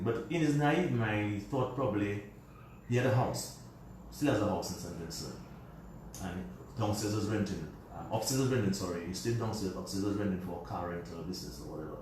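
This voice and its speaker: A low-voiced man tells a long personal story as a radio guest, drifting from one detail to the next in loose, everyday speech. He is recorded from a distance in a very echoey room, and a faint hiss sits under his voice. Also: darkish tone. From Dominica. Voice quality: meandering, colloquial storytelling. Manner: puts on his father's voice when quoting him.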